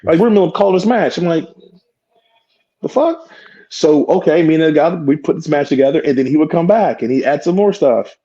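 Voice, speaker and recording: A man's voice: fairly high pitch, quick pace, hardly any pauses, muffled recording. A man, a wrestler guest on a podcast, telling a story with lots of profanity and acting out the quotes. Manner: profane, animated, acts out quotes. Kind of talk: animated storytelling.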